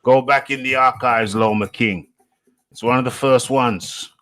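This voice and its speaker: A man's voice: medium pitch, fairly even intonation, unhurried, fairly bright tone. A man from the UK hosting a live show, reading out the chat in a playful, repetitive way and chuckling often. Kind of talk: casual live-stream chat.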